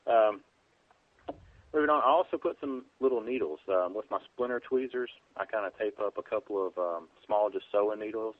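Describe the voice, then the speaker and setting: A preparedness podcast features an EMT guest whose lowish voice moves at a moderate pace, with no room sound on the tinny phone line. In this casual interview he explains plainly and easily, using lots of fillers.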